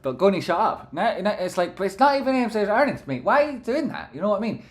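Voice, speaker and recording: A man's voice: high voice, fast. A man commentating stock charts on a live stream, rambling and swearing casually while reading out viewer messages. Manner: casual and profane, reads chat aloud; rambling, animated.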